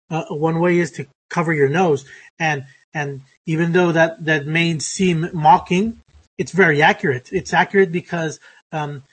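Hesitant male phonetics teacher. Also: on the high side. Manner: hesitant, many fillers and restarts. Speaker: pronunciation teacher. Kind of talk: live phonetics lesson.

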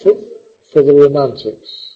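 A man lectures his class on poetry with a husky, rough-edged voice. He is animated and teasing, full of sarcastic asides. The recording is dull and lo-fi. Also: a little high, a little slow. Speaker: literature lecturer.

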